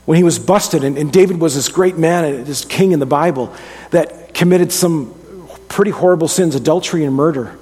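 A man's voice: fairly high pitch, moderate pace, warm tone, slightly rough. A middle-aged man preaching a sermon as pastor, earnest and conversational, often restarting his sentences. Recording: long hall reverb.

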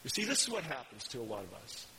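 A man's voice: mid-range voice, very animated, quick pace, sharp tone, a little hiss or hum, poor audio. A man preaching a sermon, telling a story in a conversational way. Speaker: pastor.

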